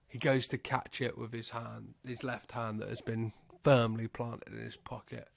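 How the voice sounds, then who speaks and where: A man hosting a podcast, casually recapping a film's plot in a halting way, swearing and acting out the characters' lines. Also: mid-range voice, flat delivery, gravelly. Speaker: podcast host.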